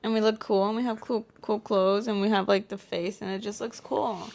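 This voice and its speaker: A woman's voice: medium pitch, fairly even intonation, brisk, gravelly, a little mellow. A young woman co-hosting a podcast, chatting casually with playful, teasing asides. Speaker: podcast co-host. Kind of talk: casual chat.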